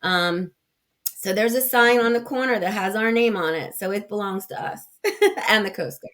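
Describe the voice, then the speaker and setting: A woman's voice: medium pitch, normal speed, fairly bright tone. Earnest woman, podcast guest. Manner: earnest, explains in detail with many fillers and restarts. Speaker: executive director of a foundation, podcast guest. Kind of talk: casual interview conversation.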